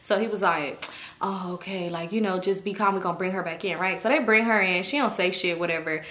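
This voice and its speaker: A woman's voice: lowish voice, brisk. A young adult woman casually telling a work drama story, acting out quotes in a raised voice. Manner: animated, acts out quotes in raised voice. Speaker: storytime vlogger.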